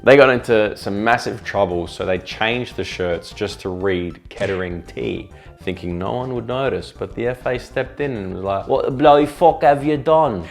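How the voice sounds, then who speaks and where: Man, lowish voice, sarcastic scripted narration, faint music underneath. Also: creaky. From Australia. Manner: sarcastic, jokey, swears freely. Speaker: video essay host. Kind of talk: scripted comedic video essay narration.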